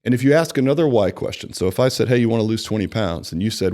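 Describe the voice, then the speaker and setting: A man giving conversational sales training, animated, acting out client dialogue and often checking in with "right?". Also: mid-range voice, racing, hardly any pauses. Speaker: personal training franchise executive.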